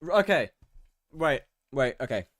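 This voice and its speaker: A man's voice: mid-range voice, sing-song, measured pace, fairly bright tone, no room sound. Young man, game streamer, chatty and rambling, voice swings up and down, dry close sound. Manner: greets chat viewers one by one, rambling and chatty. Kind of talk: casual live-stream chat while gaming.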